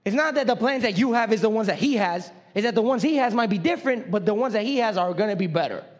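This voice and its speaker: A young man preaching a sermon as pastor, in a joking, animated, conversational way. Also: high-pitched, fast.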